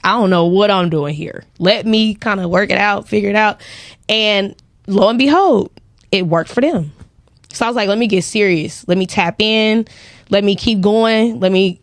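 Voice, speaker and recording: A woman's voice: medium pitch, dry recording, clean studio sound. A woman tells a story in casual podcast talk, acting out the lines of other people. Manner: animated, acts out quoted dialogue. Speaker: guest, credit repair business owner.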